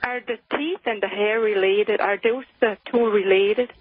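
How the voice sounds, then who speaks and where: A woman's voice: mid-range voice, steady tone, moderate pace, dry recording. A woman calling a radio show and asking short questions about her daughter's care. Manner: questioning, brief replies. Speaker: caller. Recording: dull dry phone line.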